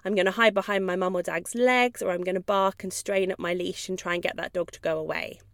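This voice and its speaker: A woman's voice: lowish voice, steady tone, fairly quick, no room sound, studio quality, natural voice. A woman voicing a frightened, anxious pet dog that panics and pleads. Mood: panicked.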